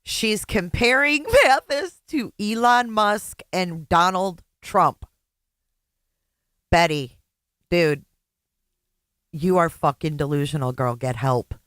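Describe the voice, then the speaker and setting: A woman's voice: on the low side, lively intonation, slow pace, long pauses, a bit bright, no room sound, studio quality. A woman host reacting to a clip with blunt, angry commentary and heavy swearing.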